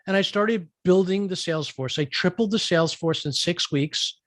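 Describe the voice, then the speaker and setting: A man's voice: high-pitched, moderate pace, dry recording. A man, a guest entrepreneur, telling a business story in an interview and acting out quoted dialogue. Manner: lively storyteller who acts out quoted dialogue.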